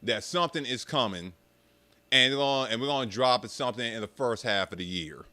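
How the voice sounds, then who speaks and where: A young man ranting casually to his viewers, swearing freely and mocking people in an animated way. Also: medium pitch, brisk, no echo. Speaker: streamer talking about arcade rhythm games.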